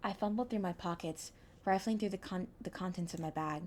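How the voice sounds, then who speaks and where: A young woman streamer reading a visual novel aloud, with expressive, anxious narration and small stumbles. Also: lowish voice, a little fast, a little hiss or hum.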